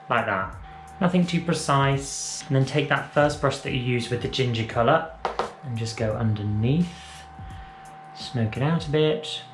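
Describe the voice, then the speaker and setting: A man chatting through a drag makeup tutorial at home, rambling, correcting himself and playful. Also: medium pitch. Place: room at home. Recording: roomy echo, faint music.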